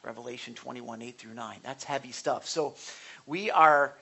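A man's voice: mid-range voice, moderate pace, bright, forceful tone, breathy edge. A man preaching a sermon in an earnest, conversational way, asking the congregation questions and building to emphatic bursts. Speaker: pastor.

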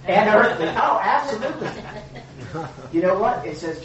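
A man co-hosting a casual Bible teaching, animated and joking, with emphatic rhetorical questions. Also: high-pitched, normal speed, lo-fi sound, a crowd in the background. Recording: echoey room from a distance.

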